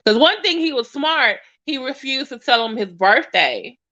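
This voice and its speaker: A woman's voice: high-pitched, expressive, moderate pace, bright, forceful tone. A woman giving casual reaction commentary, chatty and hesitant with many fillers. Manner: chatty, hesitant, lots of ums. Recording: dull lo-fi audio.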